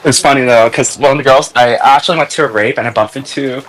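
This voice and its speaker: A young man chatting casually as a stream host, laughing often and acting out what others said in high voices. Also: fast, a bit bright, low-quality recording. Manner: laughs a lot, acts out quotes in high voices. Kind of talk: casual chat.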